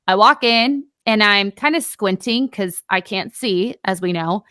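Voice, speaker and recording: Animated woman telling a story. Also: mid-range voice, a little slow, no echo. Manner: animated storyteller who acts out both sides of an argument. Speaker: podcast co-host. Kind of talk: casual storytelling chat.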